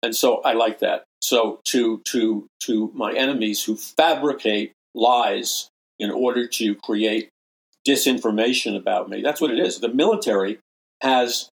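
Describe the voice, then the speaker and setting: An older man with a gravelly, creaky edge to his voice preaches with fervor as a broadcast minister. He stresses points by hammering the same phrase again and again, and his pitch sits in an ordinary middle range. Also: a little slow, low-quality recording. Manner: emphatic, repeats phrases for stress. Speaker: minister and show host. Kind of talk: impassioned preaching commentary.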